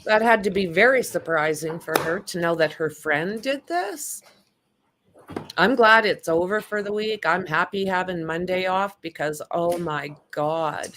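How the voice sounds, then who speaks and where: Slow-talking blunt woman streamer. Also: on the low side, fairly bright tone, a little hiss or hum. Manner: blunt, indignant, talks back to chat. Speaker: livestream host. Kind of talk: casual livestream commentary.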